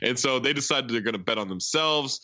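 Bright, chatty man recapping a movie. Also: medium pitch, fairly quick, dry recording, dull audio. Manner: animated retelling, frequent laughs and filler words. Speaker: podcast co-host. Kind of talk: casual movie recap chat.

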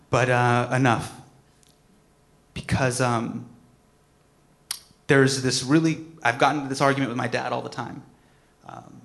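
A comedian in his thirties giving a personal tribute speech, telling a story with lively acted-out moments. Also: medium pitch, creaky. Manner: animated storytelling, acts out quotes.

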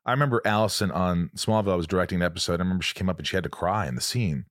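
A deep-voiced podcast host tells stories very fast in a casual interview chat, animatedly acting out quotes. The audio is clean studio sound with no room sound.

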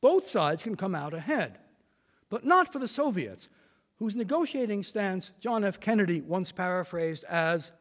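An older man delivering a formal lecture in a large hall that rings with long reverb. His voice sits high for a man and moves animatedly up and down as he leans on quoted passages with measured emphasis. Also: big pitch swings, a bit bright. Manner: measured, reads quotations with emphasis.

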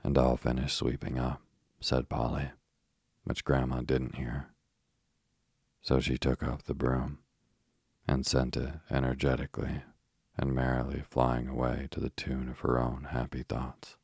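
Man, bedtime story narrator, monotone, dry close sound. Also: extremely low pitch, measured pace, husky, no room sound. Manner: calm, even storytelling.

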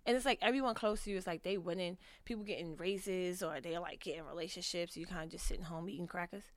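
A woman's voice: lowish voice, quick pace, no echo. A woman vlogger giving frank, rambling advice to viewers in a casual chat, full of fillers and restarts. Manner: frank and profane. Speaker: vlogger answering viewer questions.

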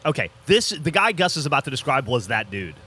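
Lively man telling a story. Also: medium pitch, fast, slightly rough. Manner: animated storyteller acting out quotes. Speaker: podcast co-host. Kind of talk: casual chat.

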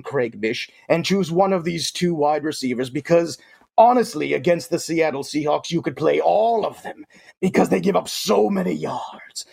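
A man doing a gravelly pompous Thanos. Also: fairly high pitch, heavily acted. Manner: pompous, theatrical, playful third-person boasts. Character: gravelly male titan villain, boastful, mock-grand. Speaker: fantasy football guest in character. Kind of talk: comic character bit on a sports podcast.

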